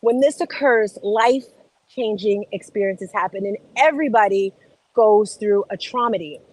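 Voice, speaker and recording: A woman's voice: mid-range voice, normal speed, a little mellow, poor audio. A woman life coach hosting a casual livestream, chatty and enthusiastic, greeting her viewers by name. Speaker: life and fitness coach, show host.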